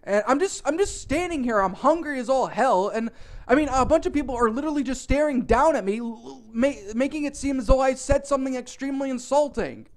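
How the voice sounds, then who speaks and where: A man narrating a comic storytime in an animated, profane, exaggerated way. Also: very high voice, fairly quick.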